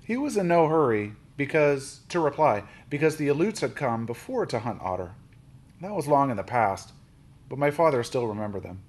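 A man reading a children's novel aloud, lifting his voice for quoted lines and dropping low on speech tags. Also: normal speed. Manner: steady storybook reading, with small restarts.

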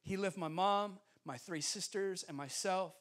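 A man preaching as a guest speaker in a church, telling a story with lively acted-out dialogue. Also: high-pitched, measured pace. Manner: animated, acts out dialogue, laughs often. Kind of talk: storytelling sermon. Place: church sanctuary.

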